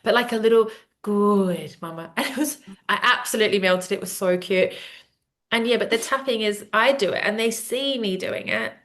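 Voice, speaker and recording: Chatty woman host, quick laughs. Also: on the high side. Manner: chatty, laughs often, animated storytelling. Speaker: podcast host. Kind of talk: casual conversation.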